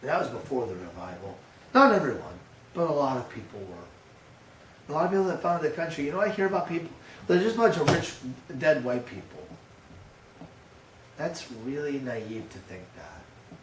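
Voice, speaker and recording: An older man preaches a sermon, telling a lively, animated story and playfully acting out his grandson's lines. His voice sits a bit high for a man. He is heard from a distance in an echoey church room with faint noise behind him. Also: normal speed, long pauses. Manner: storytelling, animated, acts out a toddler's voice. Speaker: pastor.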